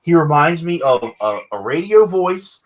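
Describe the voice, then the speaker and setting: A man's voice: on the high side, sing-song, unhurried. Chatty man hosting a casual video-call chat. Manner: chatty, repeats words, likes doing impressions. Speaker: host.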